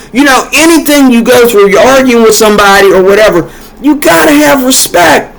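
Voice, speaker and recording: A man's voice: sits high, fairly bright tone, rough recording. A man giving casual, heated commentary straight to his viewers, repeating himself as he builds his point. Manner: heated, repetitive, talks to viewers directly.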